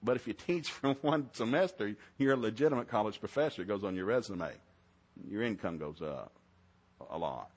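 A man's voice: on the low side, animated, moderate pace, husky. A middle-aged man, preaching a sermon in a folksy storytelling way. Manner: folksy storytelling, swings to loud shouted preaching. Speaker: pastor.

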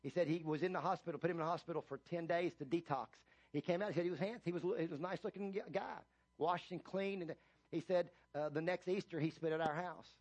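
A male pastor preaches a sermon in a church, his voice sitting a little high for a man. He tells a long story with stops and restarts, then builds into loud, emphatic scripture reading. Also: quick pace.

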